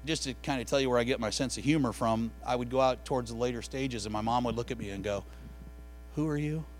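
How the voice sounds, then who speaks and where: A man preaching a sermon to a room of listeners, telling stories in an animated way that builds to loud, excited peaks. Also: mid-range voice, fast talker, soft background music, low-quality recording. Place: room with an audience.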